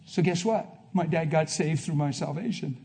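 A preacher giving a sermon to a congregation, telling a personal story, going from hushed to loud. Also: male voice, fairly high pitch, moderate pace, slight background noise. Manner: emphatic, swings from hushed to loud. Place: before a live congregation.

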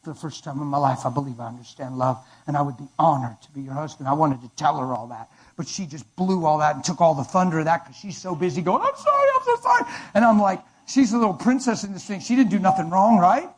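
A man's voice: a little high, fast, hardly any pauses, breathy edge, rough recording. A man preaching, giving a dramatic, emphatic testimony. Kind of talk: sermon testimony.

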